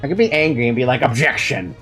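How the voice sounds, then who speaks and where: A game streamer chatting casually over a playthrough, laughing easily between animated asides. The voice swings widely in pitch, with soft game music in the background. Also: unhurried. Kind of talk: casual let's-play commentary.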